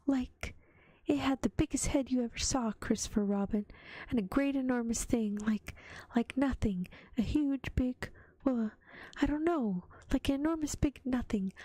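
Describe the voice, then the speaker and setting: A timid little boy piglet, voiced by a woman, stammers in a breathless squeak. The whispered role-play sits high and sounds close and dry. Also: unhurried, dark tone, slightly rough, dry recording. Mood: panicky. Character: small timid male piglet, anxious and panicky.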